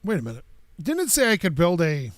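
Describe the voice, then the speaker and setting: A man's voice: fairly high pitch, wildly swooping pitch, brisk. A man casually talking through a block-building game on stream, rambling to himself and his chat as he plays. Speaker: gaming streamer. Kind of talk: casual gameplay commentary.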